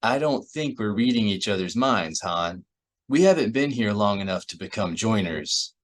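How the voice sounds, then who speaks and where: A man reading as a calm, earnest Jedi master. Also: on the low side, lightly acted. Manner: earnest, measured.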